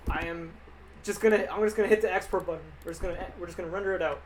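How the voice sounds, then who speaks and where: A man's voice: high voice, fairly even intonation, rapid-fire, low-quality recording. Offhand young man chatting on a livestream. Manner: rambling, offhand, joking, with restarts. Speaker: animator streaming live. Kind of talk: casual livestream chat answering viewer questions.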